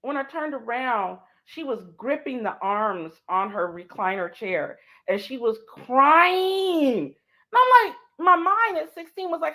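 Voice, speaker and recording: A middle-aged woman, a motivational speaker guest in an interview, telling an emotional story, swinging from soft to shouting. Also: high voice, very animated, unhurried, poor audio.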